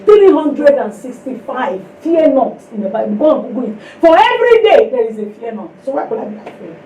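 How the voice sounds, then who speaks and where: A woman preaching a sermon to a women's fellowship, telling a personal testimony in an animated way and acting out the voices of the people in it. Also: high-pitched, fairly quick, a little hiss or hum. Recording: echoey room, distant mic.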